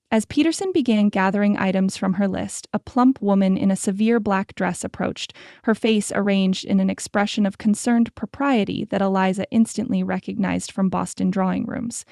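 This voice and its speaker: A woman narrating a historical romance audiobook in a steady, scripted storytelling manner. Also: mid-range voice, normal speed, creaky, few pauses, no room sound, studio quality.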